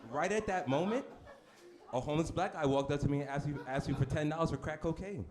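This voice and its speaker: A man performing a brash stand-up comedy set on a club stage, with deadpan shock delivery and asides to the crowd. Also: on the high side, fast talker. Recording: noisy live club recording. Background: audience laughter.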